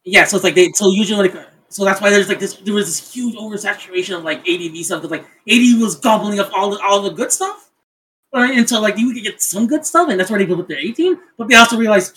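A man co-hosting a podcast, chatting casually in halting speech with stacked fillers and repeated words. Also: high voice, a bit bright, low-quality recording. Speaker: podcast co-host.

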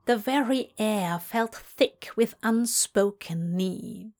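A woman reading a story aloud in a soft, hushed voice that drifts into whispers. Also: mid-range voice, takes it slowly. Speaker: audiobook reader. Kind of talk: narrating fan fiction aloud.

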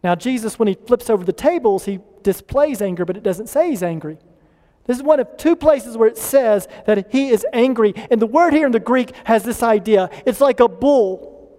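A pastor preaching a sermon earnestly, rising in emphasis and slowing down to stress key lines. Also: male voice, extremely high pitch, expressive, warm tone, long reverb tail.

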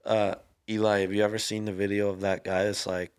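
A man's voice: lowish voice, flat delivery, a little fast, clean tone, no echo, studio quality. A young man co-hosting a casual chat, joking and laughing often. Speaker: podcast co-host.

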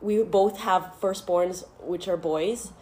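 A woman's voice: lowish voice, slow pace. Chatty woman, laughing and emotional. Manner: warm, laughs often, tearful at times. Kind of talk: casual chat.

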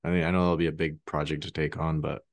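A man's voice: extremely low pitch, level tone, fast. A man from Canada, a podcast guest in casual chat, hesitant with fillers and restarts and casually profane.

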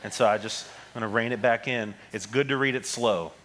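A man preaching to his congregation in a relaxed, conversational way, at an ordinary middle pitch. He takes scripture slowly and pauses between lines. He talks to the room as if to friends. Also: slight background noise. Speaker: pastor. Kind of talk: sermon. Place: church sanctuary with congregation.

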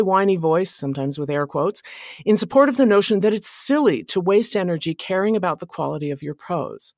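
A woman hosting a writing podcast, giving scripted narration in an earnest, measured delivery. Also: lowish voice, no room sound, clean studio sound.

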